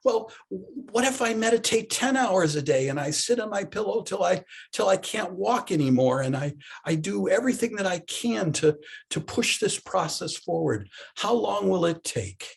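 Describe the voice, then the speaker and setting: A man's voice: on the high side, sing-song, unhurried, husky, heavily acted. A man voicing an eager, impatient male meditation student who pleads in a rush.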